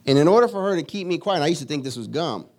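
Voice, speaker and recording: A man preaching a sermon, moving from solemn teaching to lively storytelling. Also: a little high, racing. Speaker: pastor.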